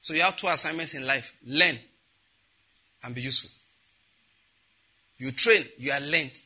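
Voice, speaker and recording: A man preaching a sermon as pastor, animated, with asides and a husky voice. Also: fairly high pitch, moderate pace, pauses often, low-quality recording.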